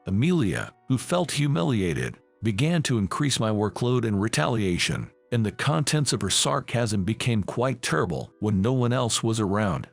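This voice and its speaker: A narrator reads his first-person story from a script, measured in pace, his gravelly mid-range voice taking big, expressive pitch swings. Quiet, soft music plays underneath.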